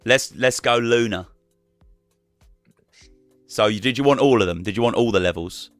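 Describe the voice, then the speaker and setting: A man with a relaxed, rambling way of talking, chatting casually as a guest on a live stream over a call mic. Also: fairly low pitch, normal speed, no echo, faint music behind. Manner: relaxed, rambling, many fillers and restarts.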